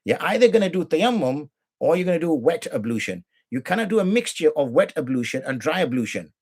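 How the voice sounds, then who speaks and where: A man's voice: fairly high pitch, big pitch swings, a little fast, breathy edge. A middle-aged man teaching rules of prayer on a live show, arguing his points with rhetorical questions and imitating the people he corrects. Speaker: Islamic jurist teaching.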